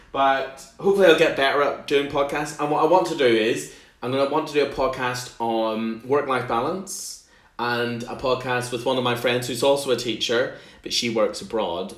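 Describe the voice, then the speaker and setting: A man's voice: mid-range voice, a bit bright, roomy sound. A man with a Northern Irish accent hosting a casual solo podcast, chatty, rambling and self-deprecating. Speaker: podcast host.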